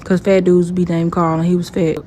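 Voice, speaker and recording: A woman's voice: on the low side, level tone, a little fast, warm tone, a little hiss or hum. A woman opening a casual storytime with blunt, joking remarks.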